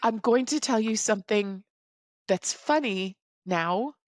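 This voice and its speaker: A woman in her forties, a podcast guest, recounting a personal story in a measured, reflective way. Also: mid-range voice, lively intonation, no echo, clean studio sound.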